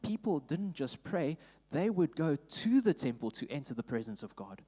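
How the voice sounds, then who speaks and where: Animated South African male preacher. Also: fairly high pitch, normal speed, few pauses. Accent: South African English. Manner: animated preaching, rising loud for emphasis, reads scripture aloud. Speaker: pastor. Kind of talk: sermon. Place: church auditorium.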